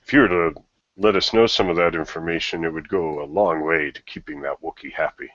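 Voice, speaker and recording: A man's voice: deep voice, fairly even intonation, fairly quick, a bit bright, dry recording, muffled recording. A man voicing a diplomatic male negotiator who talks hesitantly, with many fillers. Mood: smooth.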